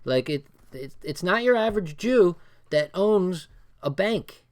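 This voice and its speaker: A man's voice: high-pitched, expressive, measured pace. A man with a New Jersey accent reading a book aloud on a livestream and commenting bluntly, repeating phrases for emphasis.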